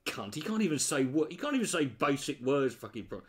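A man's voice: fairly high pitch, sing-song, brisk. A man giving sweary, sarcastic reaction commentary on a video he mocks. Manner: sarcastic, swearing, mocking mimicry.

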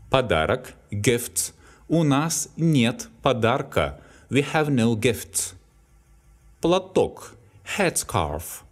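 Slow Russian-accented man teaching vocabulary. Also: mid-range voice. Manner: reads each word, then an example sentence, then its translation. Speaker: Russian language tutor. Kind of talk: slow, deliberate language lesson.

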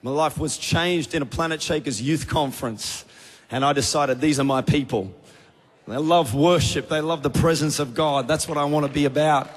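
Australian man, youth pastor, energetic sermon and prayer, high voice, hall echo. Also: normal speed. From Australia (Tasmania). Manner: energetic, rising to fervent prayer. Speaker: youth pastor, guest preacher. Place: large church auditorium. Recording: big church hall reverb.

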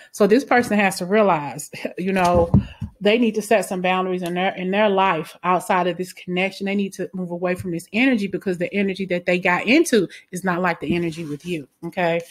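A woman giving a casual tarot reading, talking bluntly, swearing freely and often ending lines with "okay?". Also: on the low side. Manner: blunt, swears freely, flares into angry outbursts; frequent "okay?" tag questions. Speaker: tarot reader.

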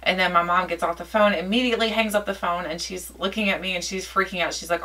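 A woman's voice: fairly low pitch, fast talker, few pauses, far from the mic, low-quality recording. A woman vlogger telling a personal story in a casual, chatty way, acting out the dialogue as she goes. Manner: chatty, lively retelling with quoted dialogue.

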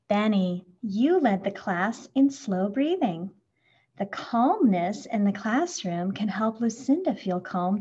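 A woman reading a children's picture book aloud in a slow, expressive storytelling manner. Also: mid-range voice, husky, lo-fi sound. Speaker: reader.

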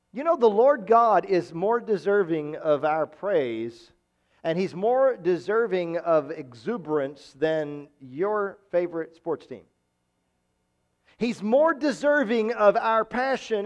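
High-voiced man preaching a sermon. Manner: emphatic, repeats phrases for stress. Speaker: pastor. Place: church.

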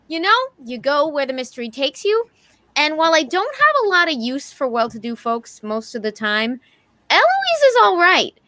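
A hard-nosed woman private eye, voiced by a woman, blunt and gruff. Her voice is high and jumps around a lot. It is crisp and bright, and the sound is dry. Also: dry recording, heavily acted. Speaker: player. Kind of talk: tabletop role-play.

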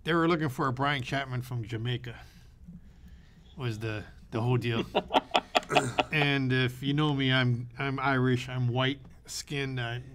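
A man co-hosting a podcast, telling a story in casual chat with an animated manner, swearing freely and acting out the voices of the people he quotes. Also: mid-range voice, measured pace, background noise. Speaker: podcast co-host.

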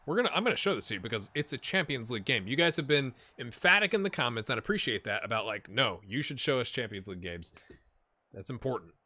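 Bright-voiced man rambling over gameplay. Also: medium pitch. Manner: rambling, chatty, jokey asides to players. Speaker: gaming video host. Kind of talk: casual gameplay commentary.

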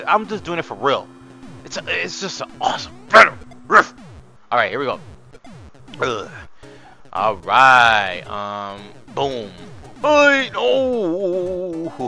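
A slightly hoarse young man hosts his gameplay channel, chatting excitedly to his viewers and cursing freely. His voice is bright and pushed, leaping up and down in pitch. Faint game music plays behind him. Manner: excitable, chatty, talks to viewers as y'all, swears. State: hoarse from screaming. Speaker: gaming channel host. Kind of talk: live gameplay commentary.

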